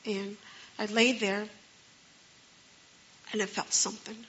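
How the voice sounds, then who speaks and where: A woman telling an earnest personal testimony in a halting, repeating way. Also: medium pitch, flat delivery, a bit bright. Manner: earnest and halting, with many restarts. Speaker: storyteller sharing a personal testimony. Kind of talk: personal testimony, spoken story. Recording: dull lo-fi recording.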